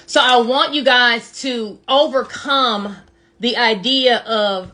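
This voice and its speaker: A woman's voice: fairly high pitch, measured pace, bright, forceful tone. Breathless, sassy woman coaching on a live stream. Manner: sassy, emphatic, calls listeners baby and honey. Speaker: business coach. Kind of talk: casual motivational live stream. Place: outdoors in a front yard.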